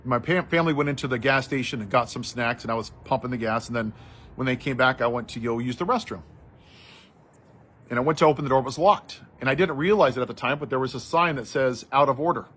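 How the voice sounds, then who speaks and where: Husky man telling it with rising heat. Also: mid-range voice, quick pace. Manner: storytelling, quoting others, building to forceful outrage. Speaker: commentator. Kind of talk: impassioned social commentary.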